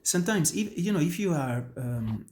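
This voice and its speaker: Fairly high in pitch with lively intonation and a darkish tone, this man speaks at normal speed. He is an opera tenor and voice teacher from Italy, a native Italian with an Italian accent, explaining an aria to students earnestly and emphatically and frequently restarting sentences in his instructional talk on singing.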